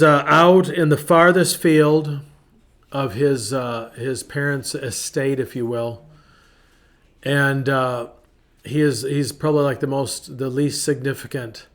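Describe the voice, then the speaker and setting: A middle-aged man hosting a devotional podcast, chatting casually and acting out quotes with lively shifts in his voice. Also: medium pitch, a little slow. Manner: chatty and animated, acts out quotes in varied voices. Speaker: ministry podcast host.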